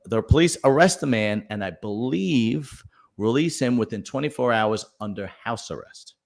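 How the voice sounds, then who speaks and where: A man's voice: mid-range voice, animated, normal speed, vocal fry. A male podcast host chatting casually about news stories, rambling with lots of fillers and restarts and telling jokes for donors. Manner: tells jokes read out for viewer donations.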